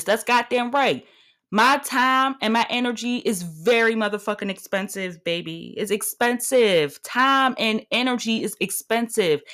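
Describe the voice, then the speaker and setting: A woman's voice: a little high, a bit bright. A woman in her thirties hosting a solo podcast, talking in a brash, profane, swaggering way. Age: 30s. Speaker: podcast host.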